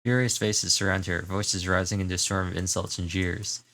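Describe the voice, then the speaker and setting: A man's voice: deep voice, flat delivery, moderate pace, a bit bright. A man streaming his reaction to a game, musing casually and reading the story text aloud.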